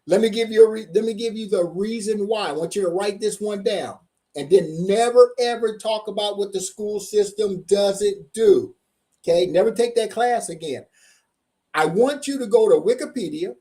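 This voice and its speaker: A middle-aged man with a high voice and dark tone runs a live-streamed seminar as a tax coach. He's hyped up and keeps asking "okay?" over and over.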